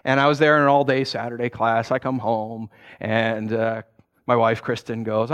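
A male pastor with a medium-pitched voice at normal speed preaches a storytelling sermon. He's animated and conversational, acting out dialogue in his stories and asking the audience "right?" as he goes.

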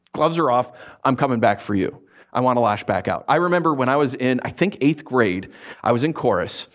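A man preaching a sermon, telling stories in an animated way, acting out voices and laughing often. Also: a little high. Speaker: pastor.

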